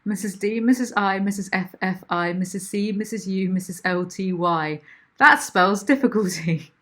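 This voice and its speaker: A woman's voice: medium pitch, normal speed, a bit bright, close to an everyday voice. A woman voicing an eager little schoolboy who recites a spelling song. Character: earnest small schoolboy.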